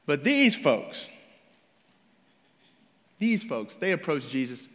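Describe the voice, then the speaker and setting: A man's voice: on the high side, very animated, takes it slowly, pauses often, fairly bright tone, in a large hall. A man preaching a sermon as pastor in a conversational, emphatic way, often restarting his phrases.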